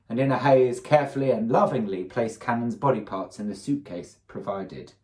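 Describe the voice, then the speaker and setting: A man reads a comic story aloud in a mid-pitched voice. He breaks off now and then with wry comments. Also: moderate pace, few pauses, a little mellow, poor audio. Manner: wry asides between narration. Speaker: story reader.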